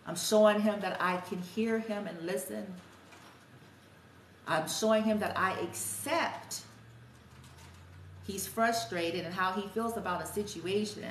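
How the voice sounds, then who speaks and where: Speaking conversationally, a woman who is a parent vlogger and spiritual healer reflects on raising her son, quoting both him and herself. Her voice is medium in pitch, recorded from a distance in an echoey room with faint ambience and slight background noise.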